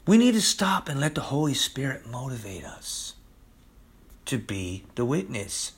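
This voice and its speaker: A man's voice: mid-range voice, big pitch swings, measured pace, husky. A man preaching a podcast sermon, urgent and pleading, who keeps repeating "listen" to his listeners. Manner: impassioned, pleading.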